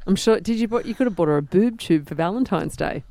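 A woman with an Australian accent co-hosting late-night radio, throwing in quick teasing asides. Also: medium pitch, expressive, dark tone. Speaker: radio co-host.

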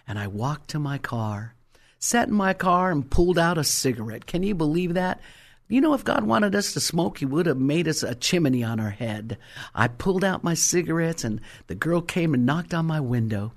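A woman's voice: low voice, animated, moderate pace. An older woman giving a personal faith testimony, telling her story emphatically and acting out the quotes. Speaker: Christian testimony speaker.

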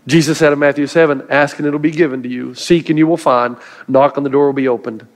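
A man's voice: a little high, fairly even intonation, fast talker. A middle-aged male pastor preaching a sermon to a live congregation, telling stories earnestly with light humor. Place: church before a live congregation.

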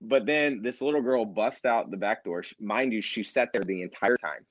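A man, a nonprofit founder and interview guest, telling a personal story in casual conversation and acting out quoted dialogue with lively energy. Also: lowish voice, moderate pace, highs cut off.

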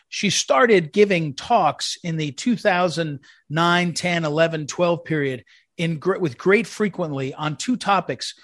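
A man with a fairly high voice tells fond stories in a loose, rambling way, often restarting his sentences. The sound is dry and close, with no room echo. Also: fairly bright tone. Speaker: commentary host. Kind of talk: eulogy-style spoken commentary.

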